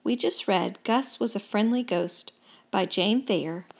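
A woman reading a children's picture book aloud, expressive and unhurried. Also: medium pitch, creaky, husky. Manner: slow, expressive storytelling. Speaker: storybook reader.

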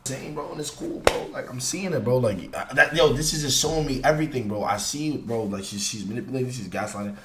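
A young man streaming a live reaction, talking in slang and swinging from low mutters to loud excited shouts. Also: quick pace, hardly any pauses. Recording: roomy echo with faint noise.

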